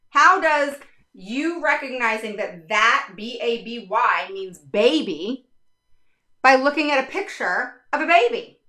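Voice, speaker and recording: A middle-aged woman explaining reading instruction to parents in a casual, animated talk, often checking in with "all right?". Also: high-pitched. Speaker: special education advocate.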